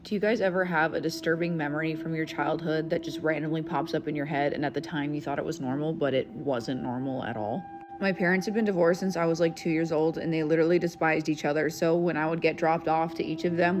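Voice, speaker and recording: A woman's voice: low voice, background noise. A woman telling a casual storytime in an earnest, questioning way. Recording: music playing clearly underneath. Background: music.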